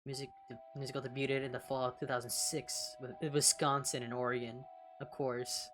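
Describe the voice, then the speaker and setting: A young woman from California, a streamer chatting casually while reading along, blunt and profane and quick to laugh. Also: extremely low pitch, flat delivery, music in the background. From California, United States.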